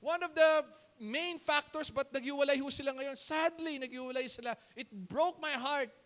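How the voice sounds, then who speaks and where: Man, Filipino accent, pastor, sermon, very high voice, rhetorical questions. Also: normal speed, a bit bright. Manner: preaching in Taglish, rhetorical questions and answers.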